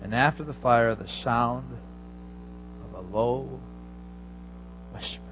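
A man's voice: mid-range voice, slow pace, lo-fi sound, over music. A male pastor preaching a sermon, retelling a story vividly and speaking straight to his listeners.

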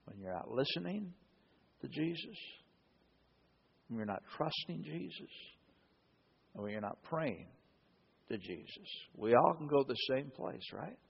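A man's voice: mid-range voice, animated, unhurried, vocal fry, pauses often, husky, highs cut off. A man preaching a sermon as a pastor, telling the story dramatically and acting out the quotes.

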